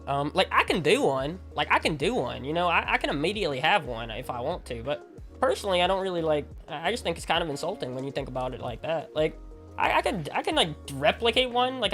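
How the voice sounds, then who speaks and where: A man's voice: on the high side, fairly bright tone. Rambling man chatting with his stream. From Alabama. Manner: rambling, heavy use of "like", frequent restarts. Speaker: game streamer. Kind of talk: casual chat with viewers while gaming.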